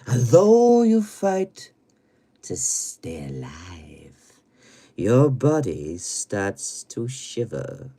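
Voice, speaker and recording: A man putting on a menacing horror narrator voice, reciting slowly and drawn out, dropping into whispers. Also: medium pitch, wildly swooping pitch, mellow, pitched above the performer's own voice, exaggerated voice.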